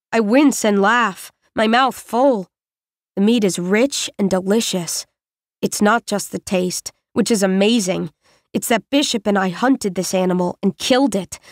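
Audiobook narrator: woman, mid-range voice, measured first-person reading, dry close-miked studio sound. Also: medium pitch, dry recording. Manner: measured, reflective storytelling.

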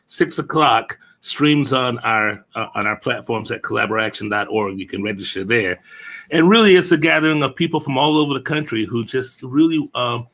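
A man's voice: medium pitch, a bit bright. A man speaking as a guest in a casual interview over a video call, often restarting his phrases. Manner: halting, repeats words as he starts. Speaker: guest, theatre director.

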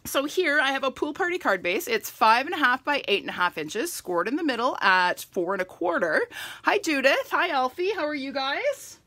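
A woman's voice: sits high, sing-song, moderate pace, sharp tone, dry recording. A middle-aged woman giving a chatty live crafting demonstration and greeting viewers by name as she works. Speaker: stamping demonstrator.

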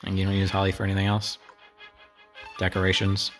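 With a low but somewhat bright voice, this gameplay streamer speaks a little fast in a completely flat tone. He rambles casually through his let's play, adding wry remarks for viewers over faint background music.

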